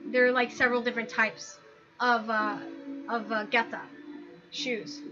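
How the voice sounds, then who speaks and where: A woman hosting a casual commentary video, talking through pictures in an animated, exasperated rant full of "like". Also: on the high side, moderate pace. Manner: animated, exasperated ranting with frequent "like". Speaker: video host. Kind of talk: casual commentary over images. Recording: dull lo-fi sound with background music.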